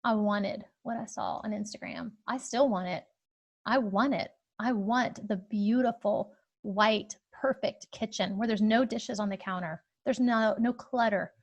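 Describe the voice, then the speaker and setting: A woman's voice: mid-range voice, unhurried. A woman in her thirties hosting a podcast, telling a personal story in an open, searching way with plenty of fillers and restarts. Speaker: podcast host.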